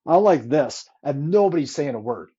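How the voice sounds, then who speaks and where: A man, a former hockey player, telling stories in a casual interview, animated and swearing freely as he acts out old quotes. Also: a little high, normal speed, husky, lo-fi sound.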